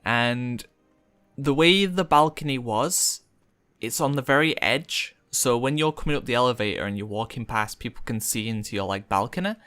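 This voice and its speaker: A man's voice: mid-range voice, moderate pace, fairly bright tone, clean tone, no room sound. A young man telling a rambling, chatty story with lots of fillers while streaming a game. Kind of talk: casual storytelling while gaming.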